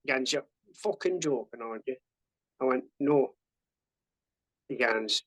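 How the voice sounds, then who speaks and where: A man's voice: medium pitch, expressive, a little slow, pauses often, fairly bright tone, low-quality recording. A man, talking as a podcast guest. He tells his story in plain casual speech, swears freely and acts out other people's words in a raised voice. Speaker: podcast guest, army veteran.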